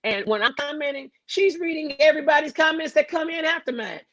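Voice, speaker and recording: Animated woman hosting a livestream. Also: sits high, fairly quick, no echo, lo-fi sound. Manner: animated, playful, preachy. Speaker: livestream host. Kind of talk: casual livestream chat.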